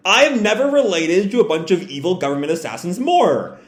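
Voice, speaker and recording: A man hosting a live comic reading reaction, chatty and animated, with asides and fillers. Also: high-pitched, fairly quick. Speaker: host. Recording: roomy echo.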